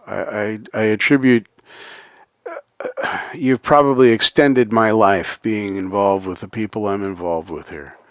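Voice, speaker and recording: A man's voice: lowish voice, no echo, studio quality. A man hosting a casual livestream, talking earnestly to his chat with many ums and uhs and frequent chuckles. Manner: chuckles often, reads out chat names. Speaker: livestream host.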